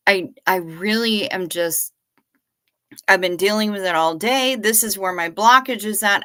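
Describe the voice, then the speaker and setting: A woman's voice: lowish voice, sharp tone. Profane, bubbly woman livestream host. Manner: profane, effusive, greets viewers by name. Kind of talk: casual livestream chat reading viewer comments.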